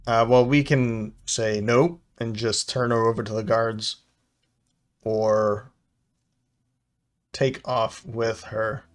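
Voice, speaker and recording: A man's voice: medium pitch, fairly even intonation. Man musing aloud over a strategy game. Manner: hesitant, fills pauses with "uh". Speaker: game commentator. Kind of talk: thinking-aloud gameplay commentary.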